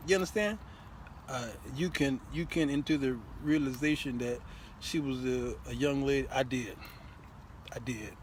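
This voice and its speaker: Animated middle-aged man telling stories. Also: on the high side, slight background noise. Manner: animated, laughing and repeating himself. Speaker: talk show host. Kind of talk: comedic storytelling monologue.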